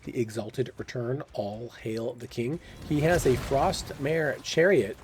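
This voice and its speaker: A man's voice: mid-range voice, slow, a little hiss or hum. Upbeat man narrating a game menu. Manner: curious, upbeat, thinks aloud with exclamations. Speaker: gaming channel host. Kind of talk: casual game commentary voice-over.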